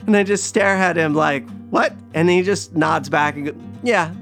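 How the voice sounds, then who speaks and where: A man's voice: a little high, normal speed, gravelly, fairly bright tone, faint music behind. A man telling stories in a casual, rambling, self-mocking monologue as a podcast host.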